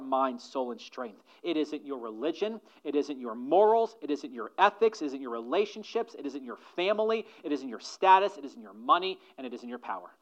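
A man preaching a sermon as pastor, swinging from loud emphatic lines to hushed near-whispers and slowing down to stress key phrases. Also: on the high side. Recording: dull, muffled sermon recording.

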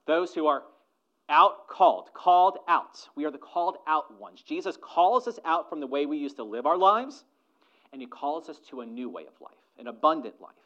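A man preaching a sermon as a pastor, moving between soft asides and loud emphatic lines and putting rhetorical questions to the congregation. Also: mid-range voice, highs cut off.

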